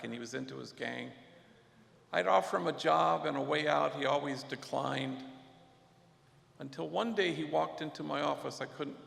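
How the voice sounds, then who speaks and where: A man's voice: medium pitch, vocal fry, a bit bright. A man, a priest speaking at a luncheon, telling an earnest story and sprinkling in Spanish phrases. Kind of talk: storytelling speech. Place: large banquet hall. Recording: echoey hall reverb.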